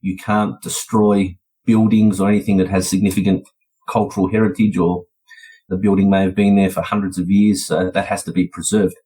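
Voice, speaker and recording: A man's voice: low-pitched, little pitch movement, a little fast, warm tone, breathy edge, rough recording. An Australian man, a podcast guest, recounting events in a chatty, laid-back way. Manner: chatty, laid-back, slips into voices when quoting. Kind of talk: casual storytelling.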